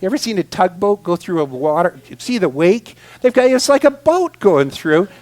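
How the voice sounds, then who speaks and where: Man, high voice, guest speaker, humorous storytelling, animated, loud then hushed. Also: moderate pace. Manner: animated, expressive, swings from loud excitement to quiet asides.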